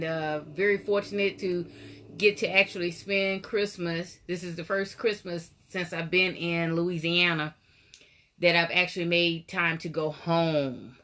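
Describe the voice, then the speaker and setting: A woman streams casually by phone from her home doll room, hosting her weekly show about dolls, chatting and greeting viewers by name while slightly out of breath. Her voice is fairly low-pitched with a fairly bright tone.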